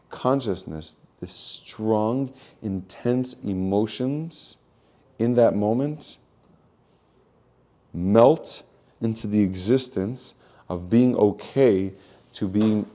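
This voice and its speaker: Male spiritual coach, low and mellow, earnest, repetitive teaching talk. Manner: earnest, repeats phrases, uses Hebrew terms. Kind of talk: teaching monologue.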